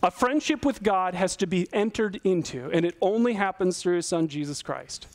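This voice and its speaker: A man's voice: high voice, expressive, normal speed, dry recording. A middle-aged male pastor giving an earnest, conversational sermon full of rhetorical questions.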